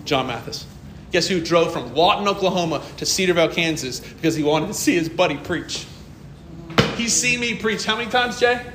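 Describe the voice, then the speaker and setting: A man's voice: sits high, expressive, moderate pace, roomy sound, noisy background. A man preaching a sermon as pastor, telling stories from his working life, acting out dialogue and laughing often.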